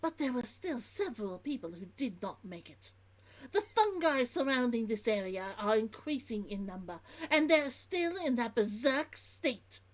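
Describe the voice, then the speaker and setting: Woman streamer doing a tired old london merchant reading his log, drops his h's, kinda hammy victorian, high voice. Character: weary stranded merchant writing a log. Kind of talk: reading a game log aloud in a put-on voice.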